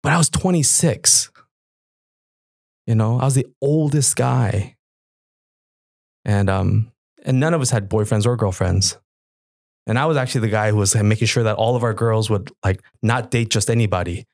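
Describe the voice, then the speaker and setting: A man's voice: normal speed, vocal fry, long pauses, no echo, clean studio sound. A middle-aged man, a guest on a podcast, telling stories and acting out old conversations. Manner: animated, acts out past dialogue with lively pitch jumps. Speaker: guest, worship musician. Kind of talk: casual storytelling interview.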